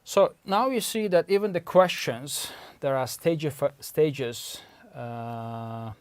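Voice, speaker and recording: A language researcher whose first language is Uzbek lectures with an Uzbek accent, explaining things patiently and methodically and stopping often to clarify terms. His voice is a little high and slow, with a clean tone, recorded dry.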